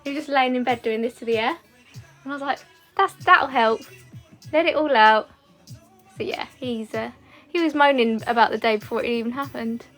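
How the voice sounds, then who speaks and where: A young woman with a fairly high voice chats away to her livestream viewers while doing her makeup. She rambles, fills her sentences with "um" and "like", and keeps it loose and friendly. Faint music plays in the background. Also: fairly even intonation, fast. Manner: chatty, rambling, with frequent fillers. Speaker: beauty content creator.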